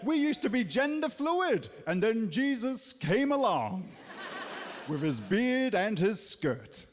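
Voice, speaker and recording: A man's voice: sits high, big pitch swings, slow, long reverb tail, slight background noise. A New Zealand man in his thirties doing a stand-up set on a theatre stage, punchy, with mocking asides. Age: 30s. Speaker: stand-up comedian.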